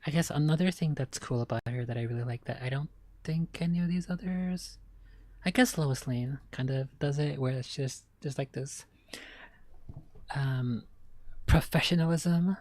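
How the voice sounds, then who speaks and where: A woman's voice: low voice, normal speed, darkish tone. A woman streamer chatting casually, rambling and giggly, while reacting on a close desk mic.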